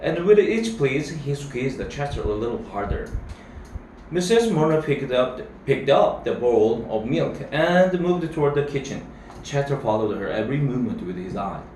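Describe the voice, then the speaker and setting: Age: adult. Style: reading a novel aloud. Pitch: medium. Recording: echoey room, faint hiss. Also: male voice, a little mellow. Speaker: English teacher.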